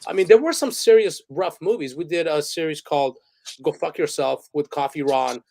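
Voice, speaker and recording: A man's voice: fairly high pitch, normal speed, creaky, darkish tone. A man guesting on an interview podcast, telling rambling, profane stories and laughing as he goes. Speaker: interview guest, photographer and director. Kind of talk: casual storytelling interview.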